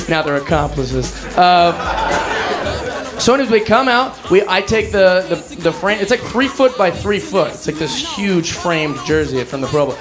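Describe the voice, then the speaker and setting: Comedian, male, high voice, rambling self-mocking storyteller, music behind. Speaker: stand-up comedian. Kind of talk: stand-up storytelling.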